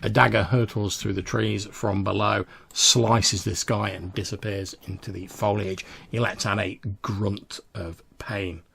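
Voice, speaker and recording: A man's voice: on the low side, little pitch movement, measured pace, creaky, few pauses, fairly bright tone, breathy edge. A man narrating as game master in a casual, descriptive manner, full of filler words.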